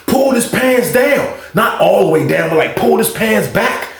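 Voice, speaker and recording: A man telling a story, lively, acting out quotes with sudden shouts. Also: on the high side, fast talker, vocal fry, few pauses. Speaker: storytime host. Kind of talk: animated storytelling. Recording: echoey room.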